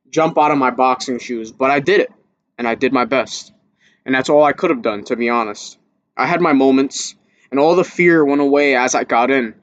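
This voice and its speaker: Speaking to the camera, an amateur boxer recounts a story in a casual, candid way and swears without restraint. When he revisits his panic, he gets louder and higher-pitched. There's no room sound.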